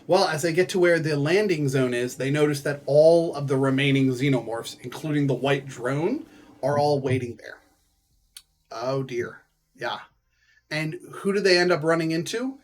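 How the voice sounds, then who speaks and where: A young man with a slightly high voice talks through the end of a book he enjoyed. He rambles with plenty of fillers, jumping into voices for the characters and making gun sounds along the way. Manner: rambling, lots of fillers and quick asides. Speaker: book reviewer. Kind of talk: casual book summary.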